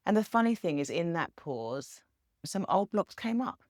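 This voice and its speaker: A woman's voice: fairly low pitch, big pitch swings, moderate pace, a little mellow, no echo, clean studio sound. A woman, talking casually and earnestly to camera as a spiritual vlogger. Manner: upbeat, earnest, chatty with small laughs. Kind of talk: casual reflective monologue.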